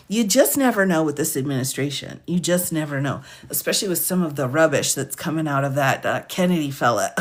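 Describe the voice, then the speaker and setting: A woman attorney hosting a casual livestream, reading out charges and sentences quickly, chatting with viewers by name and laughing often. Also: lowish voice. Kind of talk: casual livestream commentary reading case lists.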